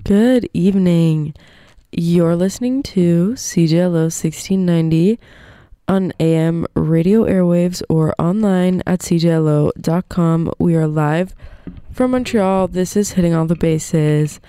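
A woman's voice: lowish voice, a little slow, mellow, clean tone, dry recording, clean studio sound. Congested young woman radio host. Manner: chatty, rambling with many ums. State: congested with a cold. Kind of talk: casual campus radio hosting. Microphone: studio microphone.

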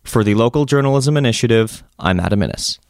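A man delivering a scripted news report in a measured, even read. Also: mid-range voice, over loud music.

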